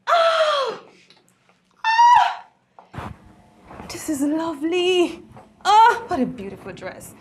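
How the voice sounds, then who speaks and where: A fussy young customer gushes dramatically. Her high voice swoops wildly, and there is faint noise behind her. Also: big pitch swings, a little slow. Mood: gushing. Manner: gushing and dramatic.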